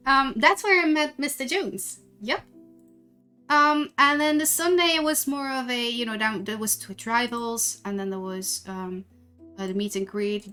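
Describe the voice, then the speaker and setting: A woman's voice: on the high side, pushed and bright. A woman with a Dutch accent, a streamer telling stories in casual chat, rambling with many restarts. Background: faint background music.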